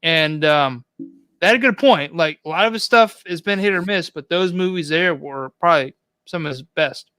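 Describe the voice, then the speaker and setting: A man's voice: on the high side, moderate pace, sharp tone, smooth, no room sound. A man co-hosting a live stream, joking around loosely and swearing casually as he chats. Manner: loose, profane, joking, reads chat aloud.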